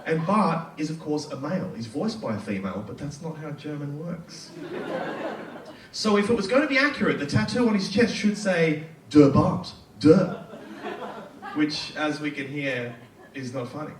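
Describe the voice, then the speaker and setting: A man's voice: a little high, lively intonation, roomy sound, far from the mic, noisy background. Playful male stand-up comedian. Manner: quick, playful delivery with loud acted quotes. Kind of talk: stand-up set. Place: comedy club stage.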